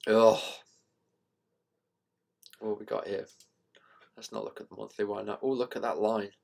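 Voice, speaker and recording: A man with a fairly low voice talks his way through trading charts in a loose, thinking-out-loud ramble. He trails off, corrects himself and shrugs things off as he goes, a casual host at his desk mic. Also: flat delivery, unhurried, gravelly. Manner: rambling, self-deprecating, thinking out loud with fillers. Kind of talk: casual screen-share market commentary.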